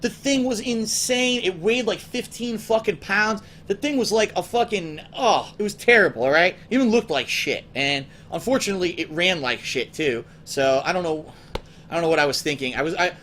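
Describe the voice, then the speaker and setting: A man's voice: sits high, animated, moderate pace, a bit bright, a little hiss or hum. A man casually telling profane, rambling stories to his viewers as a gaming show host, acting out his friends' voices as he goes.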